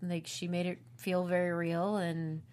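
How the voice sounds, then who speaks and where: A young woman with a slightly low voice talks casually about playing a role. She tells stories with lively quoted lines and laughs often. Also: a little slow. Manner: laughs often, animated storytelling with acted quotes. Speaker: actress discussing her role. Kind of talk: casual chat.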